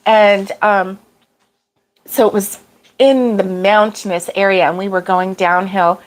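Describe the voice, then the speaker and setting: A woman's voice: mid-range voice, fairly even intonation, unhurried. A middle-aged woman hosting a casual livestream, rambling through a story with fillers and laughs, fighting off allergy sneezes. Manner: rambling, chatty, laughs often, greets viewers by name. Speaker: crochet livestream host. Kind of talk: casual chat.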